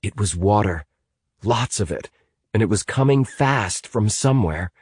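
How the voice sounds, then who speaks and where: A man narrating a thriller audiobook in a fairly low voice that rises and falls a great deal. He reads with dramatic expression on a close mic. The recording is dry, with no room sound. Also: animated, measured pace, darkish tone, breathy edge, no room sound.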